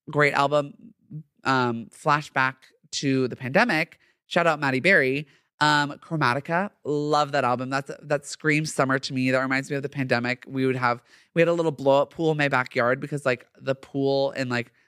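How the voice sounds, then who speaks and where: A young man hosts a solo podcast, chatting casually and gushing animatedly with heavy slang. His voice is fairly high-pitched, and the studio-quality recording has no echo.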